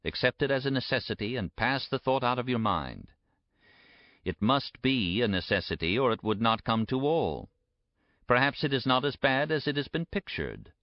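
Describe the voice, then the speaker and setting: A man giving a measured, emphatic audiobook narration. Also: mid-range voice, sing-song, dry recording. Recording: dry, dull lo-fi recording.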